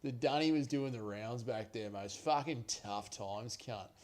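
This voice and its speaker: A man's voice: moderate pace, darkish tone, close to an everyday voice. A man putting on a crude broad-Australian bloke. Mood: gruff grumbling. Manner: coarse, swearing, lowered drawl. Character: crude rough Aussie bloke, grumbling.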